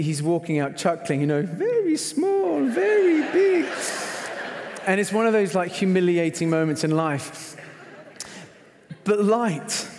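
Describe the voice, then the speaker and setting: A middle-aged man, preaching at a conference and telling a story with lots of acted-out lines. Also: on the high side. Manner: animated storyteller, acts out quotes with shouts. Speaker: conference speaker. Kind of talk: sermon with a told story. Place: large performing arts hall. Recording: long hall reverb.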